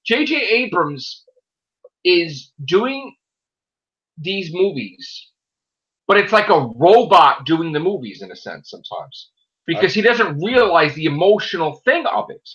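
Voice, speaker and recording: A man talks in a loose, casual chat and rants with plenty of swearing. His pitch leaps up and down as he gets worked up. His tone is bright and forceful. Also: measured pace, muffled recording. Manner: animated, profane ranting. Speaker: podcast host.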